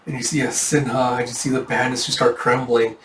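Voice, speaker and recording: Guy doing a casual manga readthrough, excitable, mic a bit far off in a roomy space. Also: medium pitch, a little fast, a little hiss or hum. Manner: excitable, recaps with "it's like". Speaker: manga reader.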